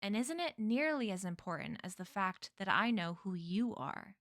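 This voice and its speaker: A woman's voice: medium pitch, animated, moderate pace, a bit bright, dry recording, clean studio sound, close to an everyday voice. A woman reading a novel aloud, voicing a sinister shape-shifting man who taunts his captives and slips between put-on accents. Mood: smug.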